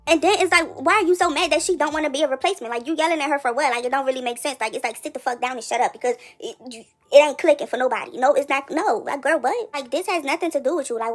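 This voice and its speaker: A woman giving casual commentary on a reality show, chatty and quick to react, full of rhetorical questions. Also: high voice.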